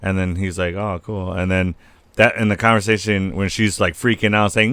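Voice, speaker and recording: Low-pitched and speaking at normal speed, this young podcast co-host chats casually with no room sound in the recording. He recaps scenes with plenty of swearing, animatedly acting out the quotes.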